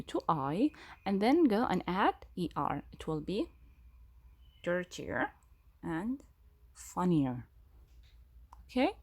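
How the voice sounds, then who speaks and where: A woman's voice: on the low side, vocal fry, a little mellow, breathy edge. A woman teacher explaining a grammar lesson, repeating key words and asking the class questions.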